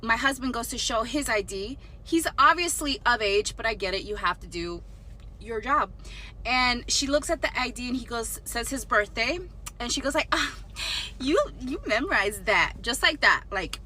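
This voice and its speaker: A young adult woman telling a storytime story in an animated, indignant way, swearing now and then. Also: a little high, a little hiss or hum. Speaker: storytime vlogger. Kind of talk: casual storytelling.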